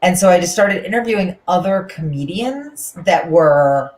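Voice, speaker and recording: Woman comic, thirties, chatty and animated, echoey room. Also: fairly low pitch, normal speed. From Newton, Massachusetts. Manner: chatty, animated, many fillers and restarts. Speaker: guest comedian. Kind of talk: casual interview chat.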